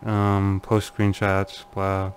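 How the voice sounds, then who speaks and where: A man's voice: sits low, completely flat delivery, very slow, a little hiss or hum. A man casually commenting on forum posts he reads aloud, laughing nervously and muttering uneasily. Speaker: channel host.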